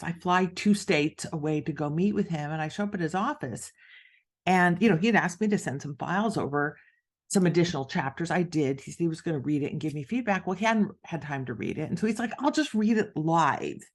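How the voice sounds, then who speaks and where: A middle-aged author, guesting on a podcast, talks a little fast in a lowish voice. Her storytelling is animated, and she acts out the voices of the people she quotes as the conversation unfolds.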